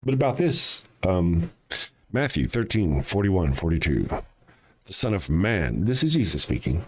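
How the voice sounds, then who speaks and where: A man's voice: deep voice, very animated, measured pace, a little hiss or hum. A man hosting a solo commentary show, talking in a sarcastic, profane, mocking way. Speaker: host.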